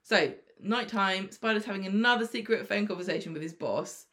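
A woman recapping a soap episode in relaxed chat. She slips into quick impressions of the characters, her voice rising and dropping as she gets carried away. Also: mid-range voice. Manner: animated, acts out characters' lines in quick impressions.

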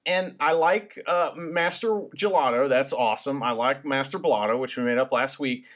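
A man's voice: mid-range voice, moderate pace, a bit bright. A man co-hosting a podcast in casual, jokey, rambling chat. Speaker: podcast co-host.

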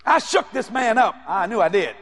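Male preacher, high-pitched and expressive, for a playful, shouting sermon. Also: moderate pace. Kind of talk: sermon with storytelling.

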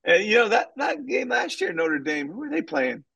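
A man, a soccer coach co-hosting a podcast, chatting casually and rambling through animated stories with many fillers. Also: high voice, moderate pace, creaky, husky, no room sound, poor audio. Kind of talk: casual chat and storytelling.

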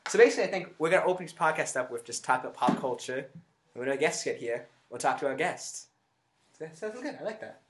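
A man's voice: mid-range voice, fast, a little hiss or hum. Joking young man hosting a podcast. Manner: joking, laughs often. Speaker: podcast co-host. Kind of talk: casual chat. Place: home basement.

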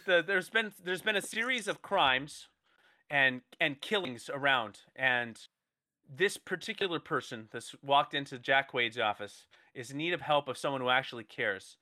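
Bright-voiced man pitching a movie playfully. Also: moderate pace. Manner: rambling, playful, with self-interrupting restarts. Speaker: comedy podcast co-host. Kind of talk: improvised comedic pitch.

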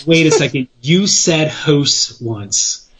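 A man's voice: a little high, lively intonation, takes it slowly, fairly bright tone. A man with a Chicago Midwestern accent, a guest on a radio show, joking around and laughing easily. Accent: Midwestern American, Chicago. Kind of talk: casual radio banter.

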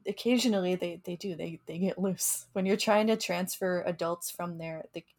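A woman's voice: on the low side, normal speed, a little mellow. A young adult woman, a researcher, chatting casually on a podcast and explaining with frequent laughs and restarts. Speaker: mosquito researcher and co-host.

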